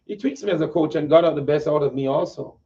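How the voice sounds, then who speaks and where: A man with a Jamaican accent hosting an interview, agreeable and quick to affirm his guest. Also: fairly high pitch, dark tone. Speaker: host. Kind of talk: interview talk. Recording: distant dull mic.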